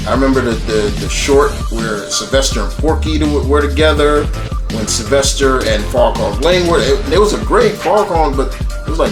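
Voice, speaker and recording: A man's voice: mid-range voice, normal speed, echoey room, music in the background. A man casually talking through a ranked list of favourite cartoon characters, rambling and restarting often, with casual swearing. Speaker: channel host ranking cartoon characters.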